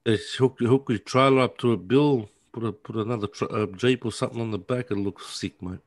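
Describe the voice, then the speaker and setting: A man with an Australian accent chatting casually on a live stream, slangy and quick with short remarks. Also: medium pitch, no echo, clean studio sound. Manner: slangy, drops in "mate" and short hype remarks. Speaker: co-host on a live chat. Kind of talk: casual chat.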